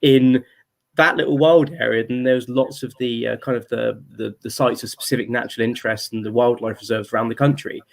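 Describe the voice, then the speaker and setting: Relaxed, chatty male interview guest. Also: medium pitch, a little fast, creaky. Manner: relaxed, chatty, laughs easily, says mate. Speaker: interview guest, founder of a conservation comic project. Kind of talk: casual interview chat.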